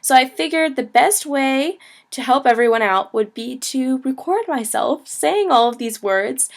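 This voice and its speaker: A woman in her twenties gives a casual video lesson, chatty and laughing easily, full of "like" and "you know". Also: on the high side. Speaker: language teacher, travel vlogger.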